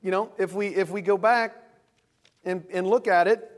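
A man in his thirties preaching a sermon in an animated way, acting out quick voices for God and people. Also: high-pitched. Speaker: pastor. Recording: long reverb of a hall.

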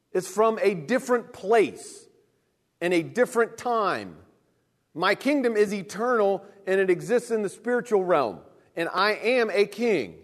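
Guy preaching, high voice, lively, big hall reverb behind him. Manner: animated, acts out quick voices for God and people. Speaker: pastor. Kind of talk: sermon.

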